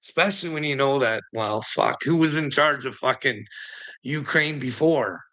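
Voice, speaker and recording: A man's voice: mid-range voice, moderate pace, pushed and bright. A man from Canada in a casual, rambling political rant, swearing a lot and chuckling between his remarks. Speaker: political commentary host. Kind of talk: casual ranting monologue.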